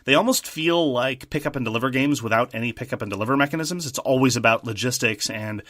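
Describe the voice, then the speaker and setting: A man co-hosting a podcast, chatting casually about board games in a thoughtful, measured way with frequent restarts. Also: mid-range voice, a bit bright, no room sound, studio quality. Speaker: podcast co-host.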